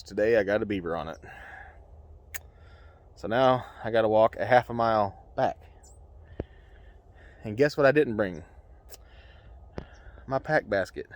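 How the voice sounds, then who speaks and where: A man, narrating his trapline outdoors in a folksy, rambling way with lots of fillers, somewhat out of breath. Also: mid-range voice. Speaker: trapper. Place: outdoors by ponds.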